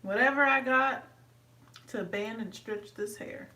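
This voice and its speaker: A woman's voice: unhurried, bright, forceful tone, far from the mic, rough recording. A woman talking casually through her hair routine as a vlogger, chatting along as she works. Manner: chatty, talks to her dog in a high sweet voice. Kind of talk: casual hair tutorial chat.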